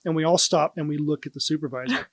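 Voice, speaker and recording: Guest storyteller: lively man, high-pitched, dry close mic. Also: fast talker, no echo. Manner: animated, laughs while telling. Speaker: guest, former police officer. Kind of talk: casual storytelling.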